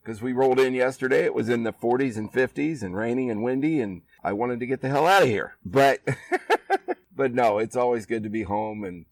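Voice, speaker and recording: A man's voice: medium pitch, fairly quick, no room sound, distant mic, rough recording. Easygoing guy from iowa hosting a podcast out in a backyard, chatty and laughing, dry close sound. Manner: laid-back, laughing, chatty. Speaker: podcast host. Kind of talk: casual chat. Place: outdoors in a backyard.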